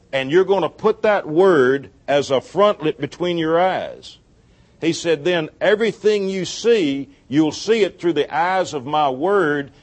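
Storytelling preacher, man. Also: on the high side. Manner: storytelling, animated quoted dialogue, laughs at own jokes. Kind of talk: sermon.

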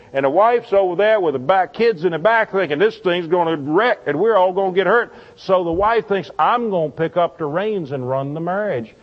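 A man preaching, telling a marriage counseling story and acting out the people in it with lively quoted voices. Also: fairly high pitch. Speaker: pastor. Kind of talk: storytelling sermon. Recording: dull lo-fi recording.

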